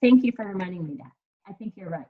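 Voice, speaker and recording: A woman's voice: mid-range voice, animated, fast. Chatty woman coaching on a video call. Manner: chatty, encouraging, many fillers. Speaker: team leader. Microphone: computer mic on a video call. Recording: dull, lo-fi video call audio.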